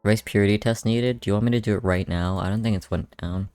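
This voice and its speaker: A man's voice: lowish voice, fairly even intonation, fast, a little mellow, clean tone, no room sound, soft background music. A young man streaming live while drawing, chatting casually with his chat in a rambling way and swearing freely.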